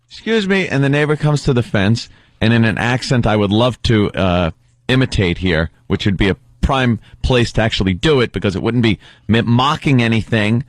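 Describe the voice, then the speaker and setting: A man's voice: medium pitch, no room sound. A man hosting a radio talk show, telling a story in casual banter and acting out other people's lines.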